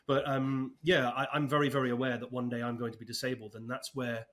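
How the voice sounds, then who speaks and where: A man's voice: medium pitch, flat delivery, brisk, fairly bright tone. A man in his fifties, a podcast guest talking casually with light, self-deprecating humor. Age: 50s. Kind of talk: casual interview talk.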